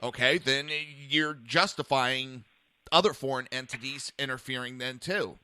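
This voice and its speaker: A man's voice: medium pitch, a little slow, pushed and bright, clear, resonant tone, dry recording. A man hosting a political talk podcast, heated and ranting, often stammering as he restarts. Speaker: podcast host.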